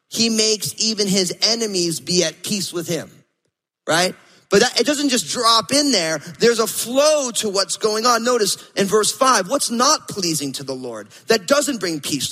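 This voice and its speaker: A man in his thirties preaching a sermon as pastor, animated, acting out quotes and stories. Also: sits high, long reverb tail, low-quality recording. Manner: animated storytelling, acts out quotes.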